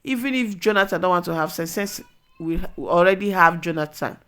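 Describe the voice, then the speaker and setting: A woman with a Nigerian accent casually retelling a movie plot as a vlogger, excitable and full of exclamations, slipping into pidgin. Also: lowish voice, fairly quick, clean tone. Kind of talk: casual storytelling recap.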